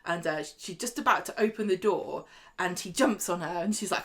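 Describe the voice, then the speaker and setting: A woman's voice: on the low side, normal speed. Wry woman recapping a soap. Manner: wry, acts out characters' lines. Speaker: podcast co-host. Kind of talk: casual chat recapping a soap.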